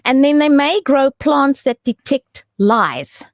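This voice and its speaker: A woman's voice: takes it slowly, no echo. A woman hosts a radio show, her voice bouncing up and down as she chats and jokes. The sound is dry and close-miked with no room around it. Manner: chatty and joking, with lively swoops in pitch and laughs. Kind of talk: casual radio chat and weather.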